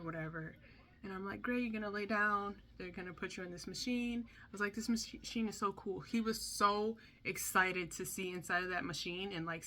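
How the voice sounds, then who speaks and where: A young woman telling a candid storytime about her son's hospital stay, talking chattily and acting out the people she quotes. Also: lowish voice. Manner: chatty, animated, acts out quotes.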